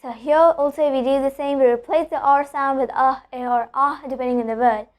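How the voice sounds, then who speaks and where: High-voiced woman teaching pronunciation. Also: fairly even intonation. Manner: explains step by step, repeats example sentences slowly. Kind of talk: casual online lesson.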